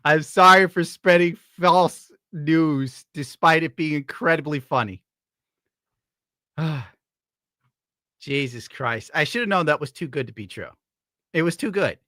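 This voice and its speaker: A man's voice: fairly high pitch, pushed and bright, no room sound, studio quality. A man from upstate New York giving crude, sarcastic commentary while browsing, laughing often. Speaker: streamer host.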